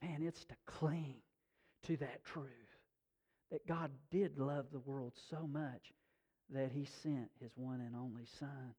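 A man preaching a sermon in a folksy, animated storytelling way, often restarting his sentences. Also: medium pitch, slow, slightly rough. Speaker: pastor.

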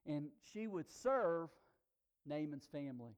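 Preacher, male, high voice, dynamic delivery that drops to near-whispers and rises to loud emphatic points. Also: very animated, unhurried. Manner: swings from hushed to loud emphatic declarations. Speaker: pastor. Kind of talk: sermon.

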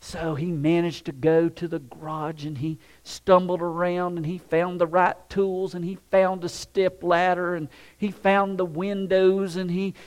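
A male pastor preaching a sermon and telling a story, shifting from soft, hushed passages to loud ones. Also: sits high, little pitch movement, unhurried, few pauses.

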